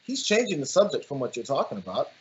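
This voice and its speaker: A man's voice: medium pitch, very animated, fast talker. A man co-hosting a political commentary show, talking emphatically and often restarting his phrases. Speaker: co-host. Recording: dull lo-fi sound.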